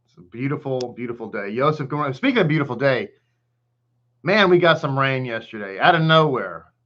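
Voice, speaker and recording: On a lo-fi recording, the man speaks a little fast in a mid-range, fairly bright voice with lively intonation. A rabbi with a Texan accent, he hosts a casual online Torah class where he greets viewers by name, chats easily, and hums and laughs between thoughts.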